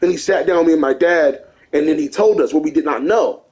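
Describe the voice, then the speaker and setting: A young man telling a personal story in casual, animated talk, swearing and piling on fillers. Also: on the high side, fast. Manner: animated, profane, lots of fillers and restarts.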